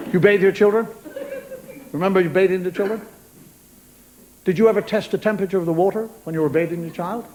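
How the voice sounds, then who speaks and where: A man's voice: high-pitched, fast, long pauses, darkish tone, slight background noise, rough recording. A man performing a wry, chatty stand-up monologue, talking straight to a live studio audience. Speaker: stand-up comedian.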